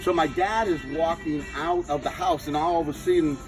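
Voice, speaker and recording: A man casually telling a rambling story to friends, animated and swearing freely. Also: fairly high pitch, normal speed, over music, poor audio.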